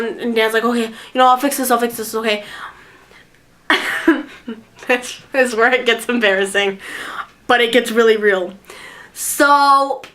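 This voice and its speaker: A woman vlogger telling a personal story. Her voice sits high and bright, and she chatters excitedly and giggles often between her sentences. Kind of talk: storytime vlog.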